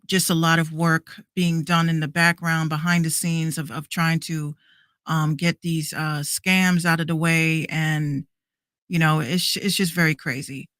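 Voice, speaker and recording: A woman in her thirties hosts a podcast, her voice low with a fairly bright tone, recorded dry with clean studio sound. Her casual rant is heated and repetitive, full of swearing and many restarts.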